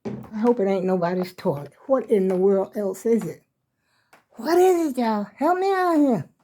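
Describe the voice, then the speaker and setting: An older woman with a drawl chats into her phone in a small room at home. She rambles along, turning again and again to address her viewers as "y'all". Her voice is mellow and warm, pitched in the middle. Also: expressive, normal speed. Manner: chatty, rambling, talks straight to viewers as "y'all". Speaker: vlogger. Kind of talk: casual phone vlog.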